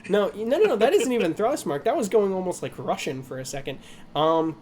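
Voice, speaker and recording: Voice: medium pitch, sing-song, brisk, darkish tone, a little hiss or hum. A game master narrating a tabletop game, rambling with frequent laughter and restarts.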